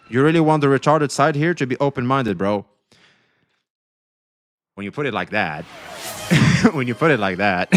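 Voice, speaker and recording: A young adult man streaming live, talking casually to his chat, swearing freely, swinging between excitement and quiet emotion. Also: fairly high pitch. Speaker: livestreamer.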